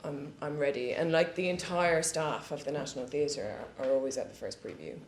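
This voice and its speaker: A woman's voice: sits low, expressive, a little fast. A woman guest on a live panel telling candid, profane stories and often laughing. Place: studio panel discussion before an audience. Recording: roomy echo with faint background hiss.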